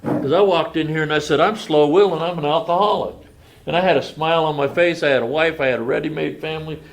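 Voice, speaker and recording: A man's voice: a little high, quick pace, creaky, noisy background. An older man telling his recovery story at a meeting, plain-spoken and folksy. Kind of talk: personal testimony at a meeting. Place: meeting room.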